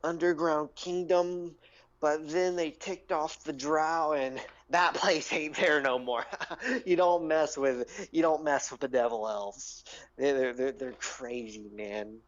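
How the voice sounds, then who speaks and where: A man voicing a boastful, rambling male deep gnome who talks in a gruff, slangy drawl, on a dull lo-fi recording. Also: slow.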